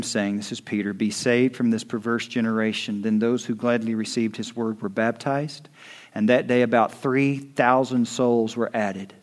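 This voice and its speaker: Preaching man, hushed lines to loud bursts. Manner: swings from hushed, low asides to loud, rising exhortation. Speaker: pastor. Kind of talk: sermon.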